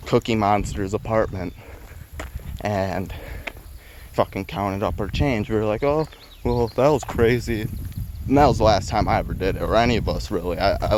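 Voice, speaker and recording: Low-voiced man swearing through a story. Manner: profane, rambling and laid-back. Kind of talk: casual storytelling. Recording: noisy recording.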